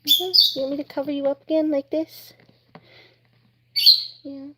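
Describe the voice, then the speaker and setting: A woman's voice: sits high, flat delivery, normal speed, very noisy. A woman vlogger chatting casually and cooing in baby talk to her young birds. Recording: loud chirping chicks behind. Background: chirping chicks.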